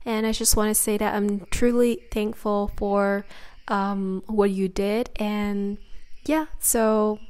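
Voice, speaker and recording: A young woman with a Vietnamese accent, a native Vietnamese speaker, calmly explaining pronunciation as a language teacher. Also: mid-range voice, slow pace, smooth. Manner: calm, careful explanation with spoken examples.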